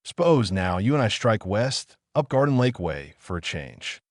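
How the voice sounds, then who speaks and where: A man's voice: on the low side, sing-song, a little slow, no echo, studio quality. A man voicing a brash, bossy backwoods hunting guide with a nasal, folksy drawl, for an audiobook.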